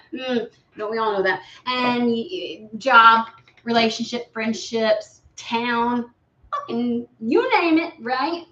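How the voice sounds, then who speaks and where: A woman giving a casual live tarot reading, blunt and profane, lively and often slipping into quoted voices. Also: on the high side. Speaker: tarot reader. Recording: echoey room, dull lo-fi sound.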